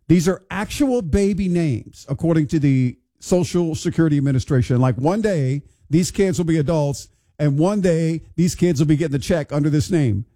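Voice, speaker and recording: A man's voice: fairly high pitch, warm tone. A man hosting a morning radio show, chatting casually and wondering aloud in a bemused, conversational way. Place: radio studio.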